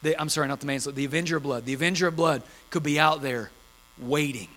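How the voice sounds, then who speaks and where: A man's voice: on the high side, fast talker, a bit bright. A man preaching an impassioned sermon, driving home key phrases by repeating them. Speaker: pastor.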